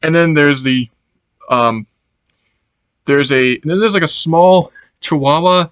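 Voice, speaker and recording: Guy rambling thru a movie review, kinda high voice, dry close sound, keeps losing his words n laughing. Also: measured pace, a bit bright, clean tone, dry recording. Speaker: channel host reviewing a movie.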